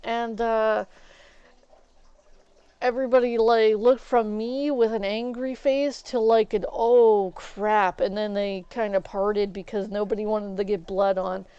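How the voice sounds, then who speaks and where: A young woman streamer with a mid-range, clean voice and no echo talks unhurriedly as she plays, telling a rambling story from her school days. She acts out the back-and-forth of what people said in an animated retelling, though the stream audio is dull and lo-fi.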